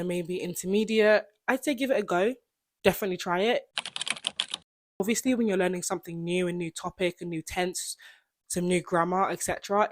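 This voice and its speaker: A woman's voice: on the low side, no room sound. A young woman, a student, chatting expressively to camera about learning languages, full of "like" and asides. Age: young adult. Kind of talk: casual vlog talk to camera.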